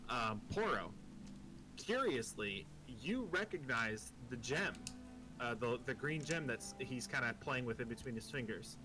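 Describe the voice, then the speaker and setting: A man narrating as game master of a tabletop game, relaxed and hesitant, with many pauses and ums. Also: mid-range voice, over music, rough recording.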